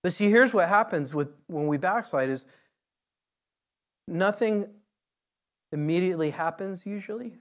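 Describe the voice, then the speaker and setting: A man's voice: high-pitched, unhurried, pauses often. A man preaching a conversational sermon, repeating words and building to emphatic peaks. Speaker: pastor.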